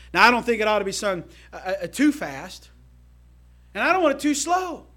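A man preaching a sermon to his church in a folksy, emphatic way, swinging between loud calls to the congregation and quiet asides. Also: high-pitched, lively intonation, moderate pace. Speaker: pastor.

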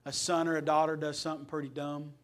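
A middle-aged male pastor, preaching a Sunday sermon that swings between loud passion and soft earnestness. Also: on the high side, level tone, fast talker.

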